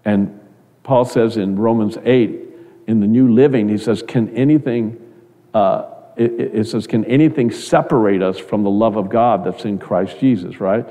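Middle-aged guy preaching, earnest, restarts words a lot, dark mellow voice, long reverb. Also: normal speed. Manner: earnest, repeats words, rises in pitch when quoting others. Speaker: pastor. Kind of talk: sermon.

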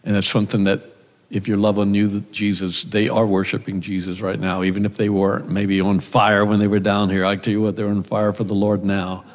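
A man's voice: fairly low pitch, level tone, fairly quick. An older man preaching a sermon with folksy, conversational storytelling in a church. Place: church sanctuary. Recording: church hall reverb.

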